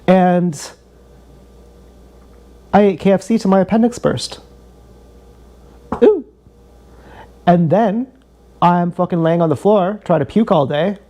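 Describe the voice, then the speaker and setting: A young man livestreams a rambling personal story, swearing freely and circling back on himself. His voice sits a little high with a warm, mellow tone. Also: slow pace, pauses often. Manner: meandering, profane, joking, repeats himself.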